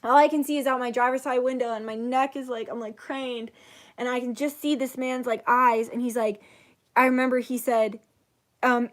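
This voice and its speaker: Young woman, high voice, casual storyteller who curses a lot and acts out quotes. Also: moderate pace. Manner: animated, swears freely, acts out quotes. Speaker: channel host, psychic reader.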